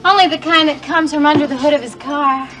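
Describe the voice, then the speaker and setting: Hesitant young woman, played by an actress. High, unhurried voice over soap score music. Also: fairly even intonation, lightly acted. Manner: hesitant, modest. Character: shy young woman, Elena, working summer job. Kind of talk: 1980s TV soap opera acting.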